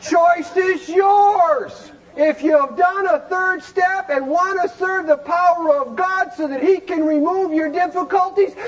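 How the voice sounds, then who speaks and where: This recovery meeting speaker has an extremely high-pitched voice, heard on a low-quality recording. He delivers animated teaching to the group in a homespun, forceful style, often posing rhetorical questions.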